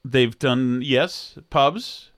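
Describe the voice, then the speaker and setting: A man's voice: drawn-out words, no room sound, studio quality. A man co-hosting a podcast, chatting casually in a joking, rambling way. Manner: joking, rambling, lively swings of pitch. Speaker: podcast co-host. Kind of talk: casual chat.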